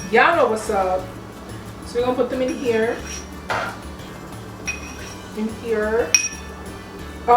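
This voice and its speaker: A young woman cooking at home and chatting playfully to her viewers in a casual, slangy way. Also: a little high. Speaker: cooking vlogger. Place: home kitchen. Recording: echoey kitchen, mic at a distance. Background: music playing.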